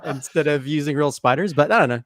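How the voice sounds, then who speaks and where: A man's voice: a little high, fast, fairly bright tone. A man who is a filmmaker guest on a casual review chat, joking and rambling with restarts.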